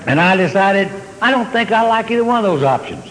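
A man telling a long comic story on stage, drawling and deadpan, then jumping up in excitement. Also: high voice, brisk, noisy background. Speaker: comedian. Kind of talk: stand-up storytelling. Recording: hall reverb with faint ambience.

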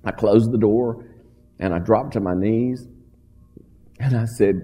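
A man telling his recovery story to a live audience in a folksy, animated way. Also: on the low side, takes it slowly, breathy edge. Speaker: speaker at a recovery meeting. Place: meeting hall with audience. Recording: long hall reverb.

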